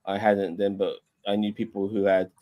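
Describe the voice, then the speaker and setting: A man with a fairly low voice chats loosely on a stream. He rambles, stumbles over repeated words and swears freely. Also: level tone, moderate pace, warm tone. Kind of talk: casual chat.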